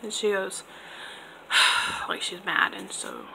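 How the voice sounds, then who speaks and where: Vocal-fry young woman rambling casually. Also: mid-range voice, big pitch swings, moderate pace, pushed and bright, slight background noise, rough recording. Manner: rambling, filler-heavy, laid-back. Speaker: vlogger. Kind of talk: casual storytime monologue.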